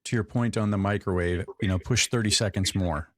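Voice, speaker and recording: A man's voice: lowish voice, steady tone, brisk. A man hosting a podcast interview, reflective and encouraging as he responds to his guest. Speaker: podcast host. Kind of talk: interviewer conversation.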